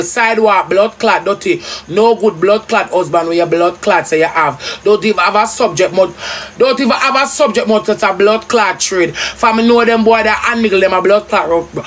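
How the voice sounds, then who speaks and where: A woman with a Jamaican accent ranting angrily on a livestream, cursing and swooping up and down as she talks. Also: mid-range voice. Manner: angry, cursing, loud and swooping. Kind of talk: heated livestream rant.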